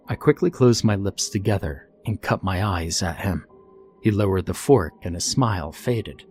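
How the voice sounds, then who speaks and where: A man reading a first-person horror story in a calm, steady scripted narration. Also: sits low, moderate pace, soft background music.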